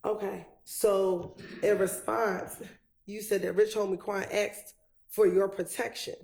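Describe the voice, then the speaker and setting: A woman prosecutor questioning a witness in a courtroom, methodical and measured. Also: mid-range voice, flat delivery, creaky, darkish tone.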